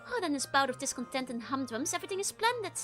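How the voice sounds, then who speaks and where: A woman's voice: high voice, sing-song, quick pace, a bit bright, faint music behind. A woman voicing a handsome, hot-tempered young nobleman who speaks in archaic, courtly thee-and-thou phrasing. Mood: earnest, courtly.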